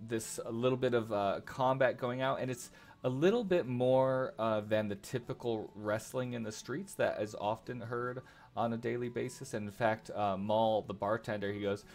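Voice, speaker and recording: A man narrating as game master of a tabletop game, halting with frequent filler sounds. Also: mid-range voice, fairly even intonation, soft background music.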